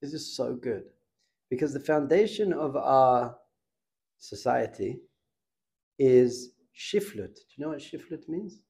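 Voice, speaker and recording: A middle-aged rabbi leads an informal Torah class, lively and conversational as he puts questions to his students. His voice is mid-range and gravelly, and he speaks at a measured pace.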